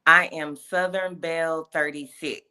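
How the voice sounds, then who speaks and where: Low bright-voiced woman in her thirties. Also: fairly even intonation, a little slow. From Atlanta area, United States. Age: 30s. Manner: polite and composed, with brief laughs. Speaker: guest on a dating show. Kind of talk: casual interview answers.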